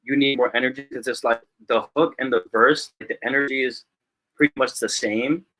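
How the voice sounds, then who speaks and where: A man's voice: mid-range voice, steady tone, normal speed, pushed and bright, poor audio. A man hosting a livestream music review, giving casual feedback with lots of filler words over a video call. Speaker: music review show host.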